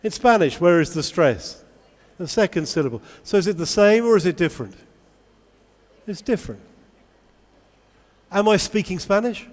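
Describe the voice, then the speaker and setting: A man giving a lively conference talk to English teachers, asking the audience many questions. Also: high voice, brisk, few pauses. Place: large convention hall. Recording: long hall reverb.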